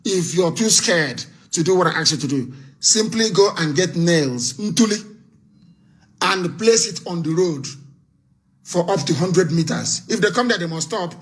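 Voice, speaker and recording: Man, call-in host, high voice, bright ringing tone, insistent repetitive delivery. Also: lively intonation, unhurried. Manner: forceful, repetitive oratory. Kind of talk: live call-in broadcast.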